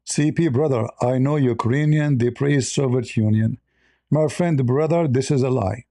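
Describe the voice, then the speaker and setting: A blunt, sarcastic man answers his chat on a livestream. His voice is gravelly and dark, and it sounds close and dry with no room around it. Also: medium pitch, moderate pace, no room sound.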